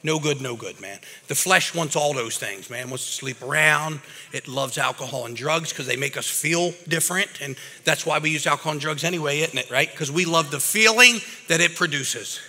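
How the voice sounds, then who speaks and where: A man preaching a lively, casual sermon to a live audience, talking like a regular guy and calling people bro and man. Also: on the high side. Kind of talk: energetic recovery-ministry sermon. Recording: reverberant hall.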